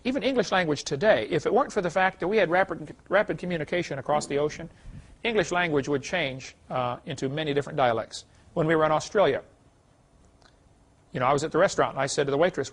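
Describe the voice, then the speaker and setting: A man's voice: fairly high pitch, lively intonation, fast, fairly bright tone, breathy edge. A middle-aged man giving a seminar lecture, folksy and chuckling at his own stories. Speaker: creation seminar speaker. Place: lecture hall.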